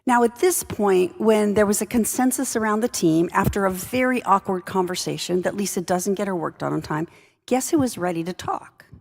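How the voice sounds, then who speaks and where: A woman leadership speaker tells a workplace story with wry, conversational delivery. Her mid-range voice moves at normal speed and is creaky and darkish, echoing with the long reverb of a large hall.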